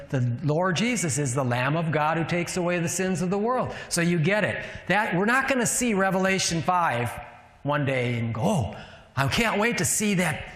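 A man's voice: fairly high pitch, a bit bright. Man preaching in an echoey hall. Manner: conversational, asks the room rhetorical questions. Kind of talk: sermon teaching. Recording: echoey hall with long reverb.

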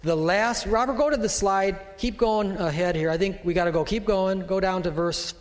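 A middle-aged male pastor preaches from a raised pulpit in a conversational, folksy way, often breaking off to talk straight to his flock. His voice sits a little high for a man and rings out with the long reverb of a large church hall. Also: normal speed. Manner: conversational, folksy preaching with asides to a slide operator. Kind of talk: sermon.

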